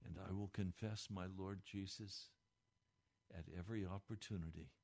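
A man giving a radio devotional, speaking fervently, his pitch climbing when moved, recorded in a radio studio. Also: fairly even intonation, normal speed, a little mellow. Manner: fervent, rising pitch with emotion. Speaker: radio preacher.

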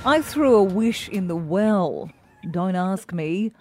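A woman with an Australian accent reading song lyrics in a mock newsreader voice, deadpan and formal, over a faint music bed. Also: medium pitch. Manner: flat, measured newsreader delivery.

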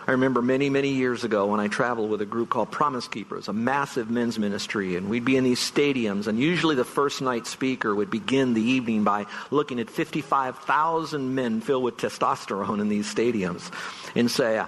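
A man's voice: medium pitch, fairly quick, fairly bright tone, big-room sound. A man preaching a farewell sermon as pastor, earnest and emphatic, stretching out key words for stress. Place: church sanctuary.

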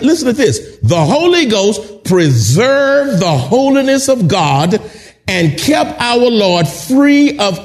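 A man preaching a sermon, emphatic and animated, at times shouting and chuckling as he drives his points home. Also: high voice. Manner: drawn-out, emphatic delivery.

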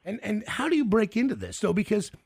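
A man's voice: sits high, big pitch swings, fast, vocal fry, a little mellow, breathy edge, dry recording. A man hosting a radio interview, chatty and storytelling, often restarting his sentences. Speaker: radio show host. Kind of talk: casual interview.

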